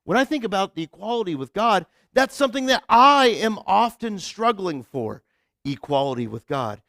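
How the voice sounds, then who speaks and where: A man pastor preaching a conversational sermon, casual and animated, full of filler words and joking with the congregation. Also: high voice, moderate pace, no echo, clean studio sound. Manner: casual, animated, heavy use of "like" and restarts; jokes with the congregation. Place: church sanctuary.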